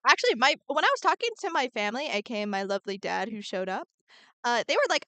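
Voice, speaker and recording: A woman's voice: fairly high pitch, big pitch swings, fast, bright, forceful tone, no echo. A woman streaming as she draws, chatting in a bubbly way, answering her chat and muttering to herself as she works. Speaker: art streamer. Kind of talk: casual live-stream chat while drawing.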